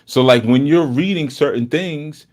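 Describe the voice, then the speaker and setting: A man hosting a live study session in a casual, joking way, laughing often and moving between loud and hushed talk. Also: a little high, unhurried. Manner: teasing, joking with the chat.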